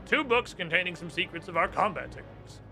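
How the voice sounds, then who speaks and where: Stern knight commander, read by a male streamer: brisk, flat, bright tone. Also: high-pitched, gravelly, soft background music, exaggerated voice. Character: stern knight order leader judging the hero. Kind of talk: reading game dialogue aloud.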